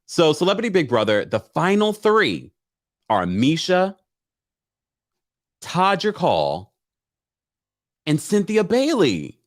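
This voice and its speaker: Chatty male livestream host, animated delivery, voice sits a bit high, reads viewer comments aloud. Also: slow pace, long pauses. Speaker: live-stream recap host. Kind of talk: casual livestream chat.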